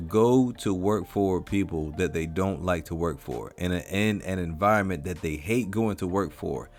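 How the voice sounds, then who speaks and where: Lowish-voiced guy ranting over clips, repeats himself, soft music under it. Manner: mocking, emphatic, repeats himself. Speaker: commentary host. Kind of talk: reaction commentary.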